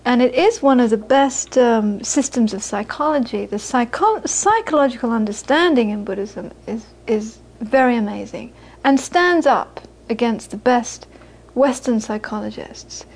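Woman, Buddhist teacher, high voice, conversational dharma talk, repeats for emphasis. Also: lively intonation, measured pace, few pauses, darkish tone, husky, poor audio. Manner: conversational, repeats phrases for emphasis, laughs often. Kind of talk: informal dharma talk to an audience.

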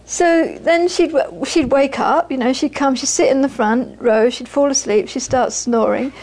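A woman's high, darkish voice comes through a rough recording at normal speed as she gives a live Buddhist talk. As the teacher, she speaks earnestly, repeats phrases for emphasis, and laughs while recounting stories to the audience.

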